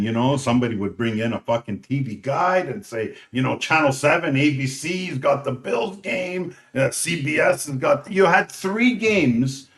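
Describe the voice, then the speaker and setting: Middle-aged guy on a betting podcast, blunt and loud, swears nonstop, plain mid voice. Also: mid-range voice. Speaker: podcast co-host. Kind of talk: casual chat.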